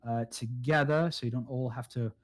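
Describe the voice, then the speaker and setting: A man narrating as game master in a tabletop game, halting and filled with fillers. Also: medium pitch, steady tone, breathy edge. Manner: halting, full of fillers and restarts.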